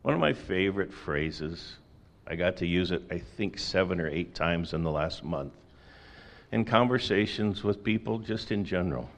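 A man's voice: sits low, expressive, moderate pace. A middle-aged man preaching a sermon in a conversational way, with folksy asides and rhetorical questions. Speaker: pastor.

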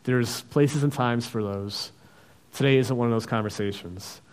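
A man's voice: mid-range voice, moderate pace, smooth. Man preaching with acted-out voices. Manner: acts out biblical voices, dramatic swings in loudness. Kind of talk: sermon.

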